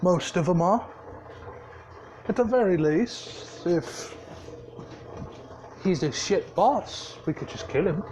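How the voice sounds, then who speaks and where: Male storyteller, slow unhurried delivery, casual and profane, restarting often. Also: high-pitched, lively intonation, darkish tone, a little hiss or hum. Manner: laid-back, swearing, with frequent restarts. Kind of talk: casual improvised fan-story narration.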